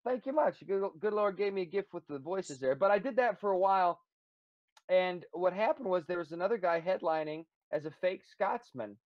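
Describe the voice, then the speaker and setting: A man who does stand-up comedy, chatting casually in an interview and telling rambling, animated stories with fillers. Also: high-pitched, normal speed, no echo, lo-fi sound.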